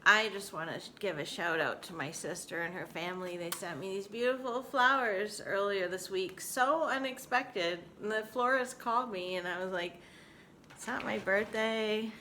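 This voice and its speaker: A woman in her forties talks openly to the camera at home in a casual vlog. Her voice sits a bit low but sounds bright and crisp, and her manner is candid and emotional. A faint hiss sits behind her. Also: fairly quick, few pauses. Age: 40s. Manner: candid, emotional, laughing often. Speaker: vlogger. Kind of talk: casual personal vlog talk.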